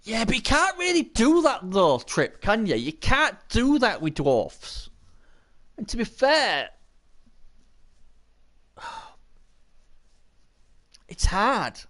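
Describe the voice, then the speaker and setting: A high-pitched man commentating a video game match live, his voice leaping all over the place. He chats casually, swears now and then and breaks into excited shouts when the action turns. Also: slow pace, pauses often. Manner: excitable, bursts into shouting at big plays.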